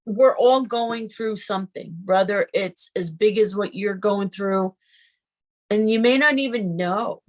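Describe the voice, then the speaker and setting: A woman co-hosting a casual chat, talking in an earnest, encouraging way as she gives advice. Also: on the low side. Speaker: co-host.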